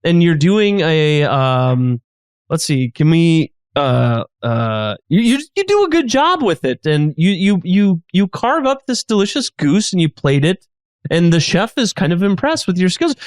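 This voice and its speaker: A man narrating an improvised comedy role-play as guest game master, quick and animated with frequent stumbles. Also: on the high side, clean tone, dry recording, studio quality.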